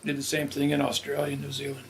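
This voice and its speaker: A man's voice: medium pitch, completely flat delivery, quick pace, creaky, slight background noise, rough recording. A man speaking in casual conversation who tells stories in a matter-of-fact way. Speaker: interviewee.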